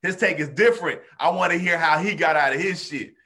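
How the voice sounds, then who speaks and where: A man's voice: on the high side, brisk. A man in casual conversation as a comedian, telling stories animatedly and acting out crowd reactions. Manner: animated storyteller, acts out crowd voices. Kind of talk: casual chat.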